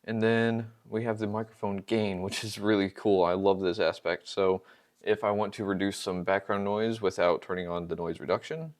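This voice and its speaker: Male host, casual tech review; slightly low voice, friendly and upbeat. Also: fairly even intonation, moderate pace. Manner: chatty, upbeat, laughs easily. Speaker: podcast host reviewing microphones.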